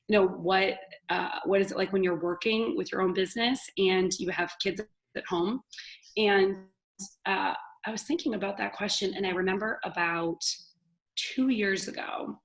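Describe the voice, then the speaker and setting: A woman, a podcast guest telling a story with lively, loud acted-out quotes. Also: mid-range voice, rough recording. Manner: animated, acts out quotes loudly, laughs often. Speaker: podcast guest, business owner. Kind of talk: casual storytelling.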